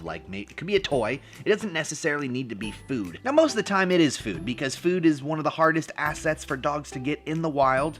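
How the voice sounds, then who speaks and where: A young man hosts a casual instructional vlog from his home, playful and jokey as he talks to viewers. His voice sits a touch high and is very animated, with faint music playing behind him. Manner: playful and jokey, calls viewers bro and dude. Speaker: dog trainer and video host.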